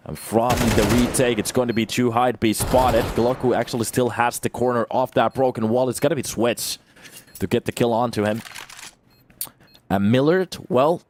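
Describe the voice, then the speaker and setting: A young man casting a competitive shooter match live, his voice sitting at an ordinary middle pitch. He explains plays in a steady, chatty way, then jumps up in pitch and volume when the action heats up. A faint hiss of noise sits under the voice. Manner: calm analysis that jumps to loud, high-pitched excitement on big plays. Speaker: esports caster. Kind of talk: live play-by-play commentary.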